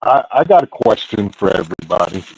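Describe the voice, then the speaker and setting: A man's voice: on the low side, sing-song, a little fast, vocal fry, slightly rough. A man hosting a casual group chat over an online call, laid-back and putting questions to the group. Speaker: host. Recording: dull lo-fi call audio.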